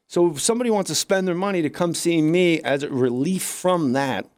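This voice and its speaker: Animated storytelling man, dry close sound. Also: a little high, fairly quick, no room sound. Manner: animated, acts out quoted voices. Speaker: comedian guest. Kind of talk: casual storytelling.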